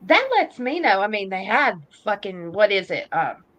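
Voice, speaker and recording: A woman's voice: mid-range voice, big pitch swings, moderate pace, a bit bright, lo-fi sound. A woman in her fifties hosting a podcast, talking politics in a heated, emphatic rant. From United States. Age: 50s. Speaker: podcast host. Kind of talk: political opinion talk.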